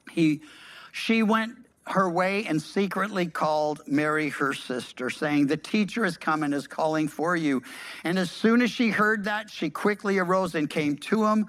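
A pastor delivering a sermon in a mid-range voice, reading scripture aloud and then stepping out of the text. The asides are lively and slangy, addressed straight to the listeners. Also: mid-range voice.

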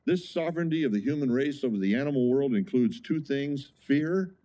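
A man's voice: medium pitch, expressive, fairly quick, warm tone. A man preaching a sermon as pastor, conversational, with frequent rhetorical questions to the congregation.

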